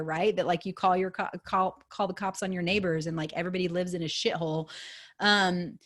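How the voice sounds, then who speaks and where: A woman in her thirties, a podcast host, telling a story in a casual, animated way, swearing freely and acting out the dialogue. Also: medium pitch, a little fast.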